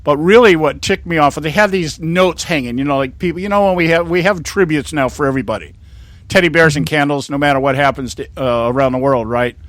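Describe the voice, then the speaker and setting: Older indignant talk show host. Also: male voice, a little high, brisk, a bit bright, no room sound. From California. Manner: rambling, indignant, with many restarts. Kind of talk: conservative talk show monologue.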